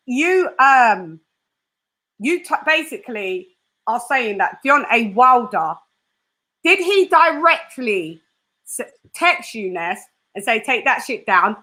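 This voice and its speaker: Bright-voiced chatty woman host. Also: fairly high pitch. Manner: animated, laughing, mimics voices. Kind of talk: casual live-stream chat.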